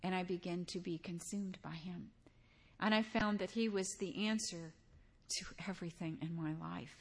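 A woman's voice: on the low side, fairly even intonation, normal speed, slightly rough. An older woman preaching a sermon in a conversational way, weaving in personal stories and asking her listeners direct questions.

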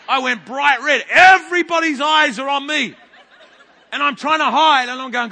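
Male pastor, fifties, New Zealand accent, lively storyteller with a bright, high voice. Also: normal speed, slight background noise. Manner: animated storytelling with big loud rises. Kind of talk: sermon. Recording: long hall reverb.

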